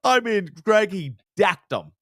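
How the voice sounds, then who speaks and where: A man's voice: sits high, takes it slowly, dry recording, clean studio sound. A man co-hosting a casual sports podcast, telling stories with lots of energy and acting out the quotes. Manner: animated storyteller, acts out quotes. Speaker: podcast co-host.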